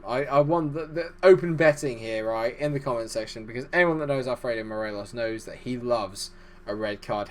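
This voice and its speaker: A man giving fast, excitable live commentary over a football management game, chatty and self-deprecating. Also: medium pitch. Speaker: gaming YouTuber.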